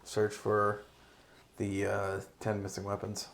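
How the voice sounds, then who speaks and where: A man casually playing a tabletop role-playing game, talking haltingly with many fillers. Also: fairly low pitch, completely flat delivery, gravelly, fairly bright tone, a little hiss or hum. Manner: halting, lots of fillers, switching into character lines. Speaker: player.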